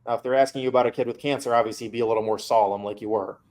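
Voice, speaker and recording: A man's voice: medium pitch, fairly even intonation, very fast, a little mellow. A man coaching a student through feedback on her mock interview, candid and casual.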